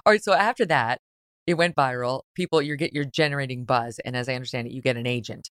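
A woman's voice: extremely low pitch, quick pace, clear, resonant tone, no room sound, studio quality. A woman hosting a talk show, asking long chatty questions and laughing easily with her guest. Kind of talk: conversational interview.

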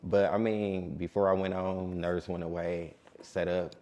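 Man, late twenties, very low voice, calm laid-back DJ guest. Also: unhurried. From Detroit. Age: late 20s. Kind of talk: casual interview.

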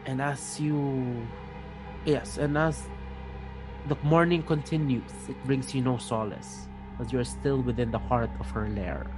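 A man's voice: medium pitch, steady tone, unhurried, darkish tone, soft background music, poor audio. A man narrating a tabletop game as game master, hesitant and full of restarts. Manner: hesitant, lots of fillers and restarts.

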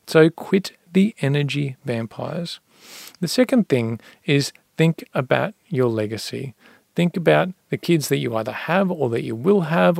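A man on a podcast telling a parable and giving money tips in a calm, storytelling way. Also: fairly high pitch, vocal fry, no echo, clean studio sound. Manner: storytelling, repeats a refrain calmly. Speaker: guest expert on personal finance.

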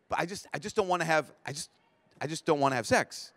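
A man's voice: fairly high pitch, fairly quick, no echo. A man, a priest giving a talk at a large event, telling stories and acting out the people in them, often restarting his sentences. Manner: animated storytelling, acts out quoted people; stumbling restarts when excited. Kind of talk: conference talk to a live audience.

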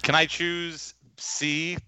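Bright-voiced joking man co-host. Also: a little high, flat delivery, extremely slow, smooth, no room sound. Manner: joking, sarcastic, laughs often. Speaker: podcast co-host. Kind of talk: casual chat.

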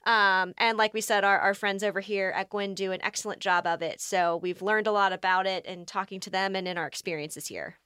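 A woman's voice: mid-range voice, fairly even intonation, fairly quick, hardly any pauses, sharp tone, smooth, dry recording, clean studio sound. A woman co-hosting a podcast, chatting casually with many fillers and easy laughs. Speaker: podcast co-host.

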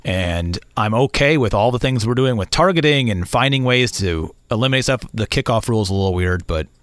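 A man's voice: lowish voice, a little fast, dry recording. A man hosting a sports radio show, chatting casually and acting out quotes as he tells a story. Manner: animated storyteller, acts out deadpan quotes.

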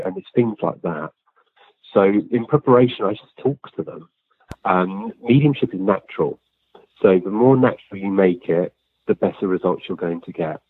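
A man with a husky, deep voice speaks at a normal pace as a guest in an interview, relating relaxed stories about being a physical medium. His manner is plain and earnest, peppered with ums and restarts, and the recording has a dry, tinny phone-line quality.

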